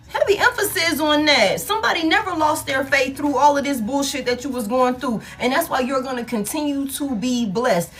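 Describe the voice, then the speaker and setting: A woman's voice: high-pitched, fairly bright tone, slightly rough. A woman giving a casual tarot reading, blunt and profane, repeating key lines for emphasis and laughing often. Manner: laughs often between remarks. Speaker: tarot reader.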